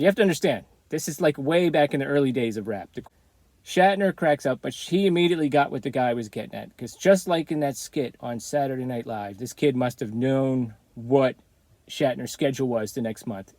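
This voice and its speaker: A man's voice: mid-range voice, a little mellow, dry recording. Rambling man telling a story, dry sound. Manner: rambling, digressive, chuckling. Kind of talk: casual storytelling.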